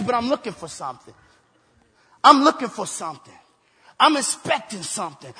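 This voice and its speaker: A man preaching an energetic sermon in a church, excitable and repetitive, calling out to his congregation. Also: extremely high pitch, normal speed, breathy edge, in a large hall. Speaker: pastor. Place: church sanctuary.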